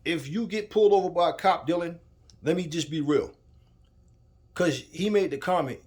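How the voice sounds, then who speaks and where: A man's voice: on the high side, lively intonation, moderate pace, darkish tone. A man giving a heated, profane rant about boxing, repeating himself and addressing the fighter directly. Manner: heated, profane, repetitive, talks straight at the subject. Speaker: boxing commentator. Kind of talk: casual ranting commentary.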